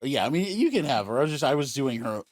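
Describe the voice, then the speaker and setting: A chatty man doing casual commentary while streaming a game. His middle-pitched voice moves a lot, rising and falling as he jokes. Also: sing-song, fast, no echo, clean studio sound. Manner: chatty, joking.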